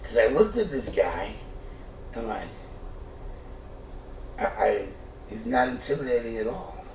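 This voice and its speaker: Gravelly, cursing middle-aged storyteller man. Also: medium pitch, measured pace. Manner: profane, stammering restarts, animated. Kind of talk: comic true-story telling. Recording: echoey room, distant mic, faint noise.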